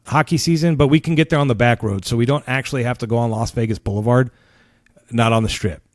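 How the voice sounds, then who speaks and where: A man's voice: mid-range voice, no echo, clean studio sound. A man hosting his own podcast, telling a story in a casual, swearing, rambling rant and laughing along with it. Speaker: podcast host.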